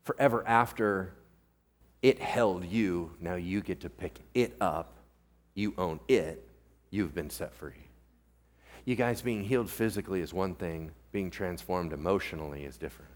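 A man with a deep voice preaches a sermon a little slowly. He's a pastor telling the story in a relaxed, animated way, giving biblical characters everyday modern voices and frequently getting the congregation to agree.

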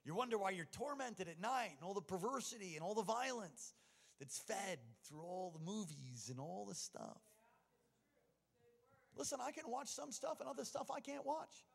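A middle-aged man preaching a sermon, telling personal stories and moving from hushed confession to stirring exhortation. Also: high-pitched, very animated, moderate pace, creaky. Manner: personal storytelling that swings from quiet to exhorting. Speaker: pastor. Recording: long reverb of a large hall.

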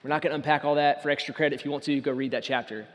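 Earnest high-voiced preacher in a reverberant hall. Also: male voice, steady tone, very fast. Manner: earnest, rising to loud emphatic peaks. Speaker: pastor. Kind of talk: sermon.

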